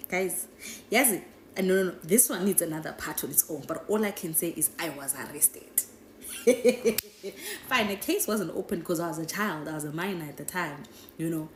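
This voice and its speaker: Low-voiced woman telling a storytime. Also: normal speed. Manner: animated, chatty, peppered with "right?" and "guys". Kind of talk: casual storytime. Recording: echoey room with faint noise.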